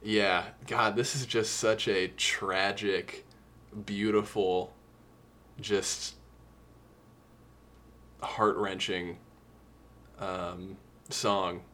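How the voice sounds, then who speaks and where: A man with a lower voice co-hosts a casual music podcast. He talks earnestly and emotionally, reading lyrics aloud and lingering on how sad the song is. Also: flat delivery, very slow, long pauses, fairly bright tone. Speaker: podcast co-host. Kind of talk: casual music review chat.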